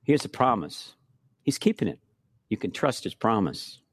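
A middle-aged man preaching a sermon, telling stories with emphatic repetition and shifting between hushed and forceful delivery. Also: fairly low pitch, normal speed, husky, dry recording, studio quality. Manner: storytelling preacher, emphatic repetitions, animated swings from soft to loud. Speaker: pastor.

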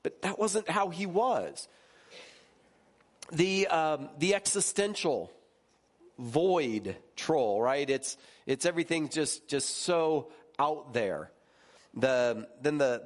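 A man who is a pastor, giving a conversational sermon in a lively, chatty way and often checking in with his listeners. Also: takes it slowly. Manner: lively, jumps higher when recounting stories.

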